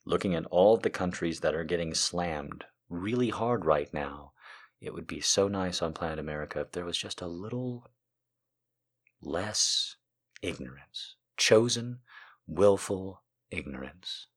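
A man's voice: deep voice, unhurried. A man telling a story as a comedic monologue, a ranting, profane storyteller who makes sarcastic asides to the listener.

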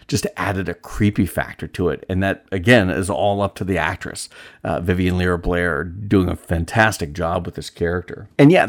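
Deep-voiced man reviewing a film. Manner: rambling, personal anecdotes, frequent restarts. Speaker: movie reviewer. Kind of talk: casual spoken film review.

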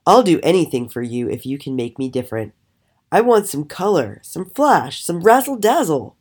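A woman's voice: sits low, normal speed, breathy edge, heavily acted. A woman doing a vain boastful raven. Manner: excited, showy, whining. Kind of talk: storybook reading.

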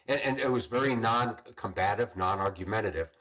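Low-voiced older man clearing his throat. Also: a bit bright. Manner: halting, many restarts and throat clearing. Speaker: guest, retired police captain and counselor. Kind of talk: podcast interview storytelling.

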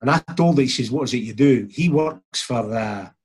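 Scottish guy telling stories, huskyish voice, animated, does the voices. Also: mid-range voice, normal speed, breathy edge. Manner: broad, animated storytelling with acted quotes. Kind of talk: casual chat, anecdotes.

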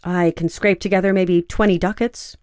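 A woman's voice: on the low side, fairly even intonation, moderate pace, a little mellow, clean tone, dry recording, natural voice. Woman doing an awkward young scribe, hesitant and subdued, dry close audiobook. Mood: nervous.

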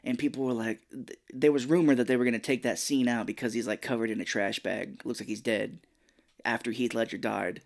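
A man co-hosting a podcast, chatting casually about a film, rambling and animated. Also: mid-range voice, brisk, gravelly. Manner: rambling, animated, does mock voices of film characters. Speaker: podcast co-host. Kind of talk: casual movie review chat.

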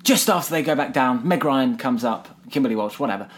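Talking fast and expressively in a mid-range voice, the podcast co-host chats through a musical review, retelling its scenes with laughter and swearing.

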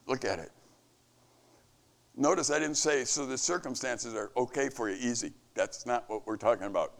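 With a creaky voice at a moderate pace, the camp leader gives an earnest devotional talk to his staff. His preaching carries emphasis that rises and falls.

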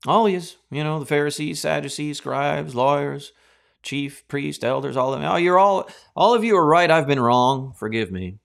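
A man's voice: fairly high pitch, lively intonation, normal speed, gravelly, fairly bright tone. A man putting on a meek, caving-in voice. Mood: mock pleading. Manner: sarcastic, exaggerated pleading. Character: mock man meekly caving in, pleading.

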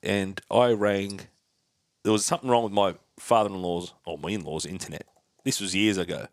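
A man's voice: low voice, fairly even intonation, moderate pace, no echo. A man co-hosting a podcast on a headset, telling anecdotes with dry, teasing remarks. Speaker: podcast co-host.

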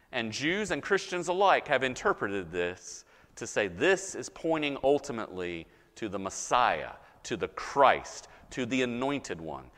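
A man's voice: a little high, a bit bright. A male pastor preaching a sermon, conversational and teaching, checking in with his listeners. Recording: hall reverb.

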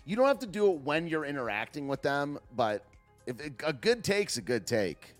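A man's voice: on the high side, sing-song, moderate pace, soft background music. A man rambling through casual live commentary with many fillers and restarts. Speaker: political commentary streamer.

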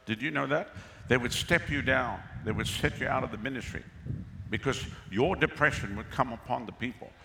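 A male pastor preaches with a gravelly, bright, forceful voice set a little high, exclaiming and calling out to his crowd for answers. His sermon rings with a long reverb, and faint ambient noise sits underneath. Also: moderate pace. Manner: exclamatory, calls to the crowd for responses. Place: outdoor pavilion with a crowd.

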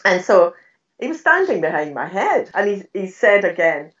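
An older woman telling stories in an interview, animated and laughing often, acting out what she said back then. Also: medium pitch, normal speed. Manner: animated storyteller, laughs often, acts out her own past words. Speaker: guest telling ghost stories. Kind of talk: storytelling in an interview. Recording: dull, slightly distant recording.

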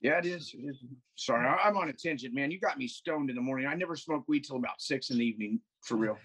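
A man's voice: medium pitch, fast, a bit bright, husky, rough recording. A man guest on a podcast, rambling through stories in a casual, profane way over a video call. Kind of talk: casual chat.

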